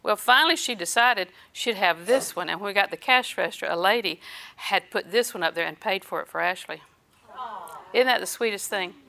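A woman's voice: medium pitch, brisk, gravelly, pushed and bright. An older woman preaching a sermon, telling homespun personal stories and chuckling between them.

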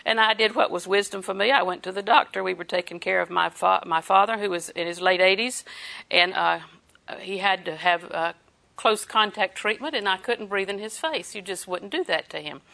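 Older female preacher, bright tone, folksy and chatty. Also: medium pitch, moderate pace, gravelly. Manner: folksy, chatty, laughs often. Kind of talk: sermon.

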